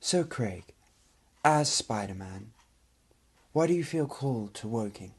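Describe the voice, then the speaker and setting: A man playing a mock-serious male TV reporter, asking deadpan questions in a comedy interview. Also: medium pitch, measured pace, slight background noise.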